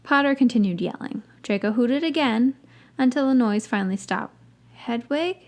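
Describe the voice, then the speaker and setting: A woman's voice: fairly high pitch, normal speed, a little mellow. A woman hosting a podcast, reading a story aloud and breaking off for wry, dry asides. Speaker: podcast host reading fan fiction.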